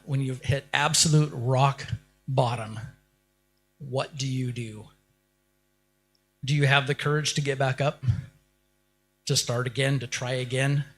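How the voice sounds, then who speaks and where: A man's voice: medium pitch, a bit bright, a little hiss or hum. A man delivering a motivational keynote speech, firing rhetorical questions at the audience and building up to short, punchy lines. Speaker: keynote speaker.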